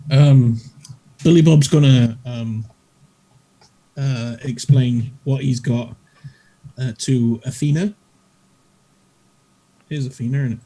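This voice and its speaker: A man's voice: medium pitch, fairly even intonation, takes it slowly, long pauses, mellow, low-quality recording. A man playing a tabletop game in a casual, easygoing way, describing what his character does. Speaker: player.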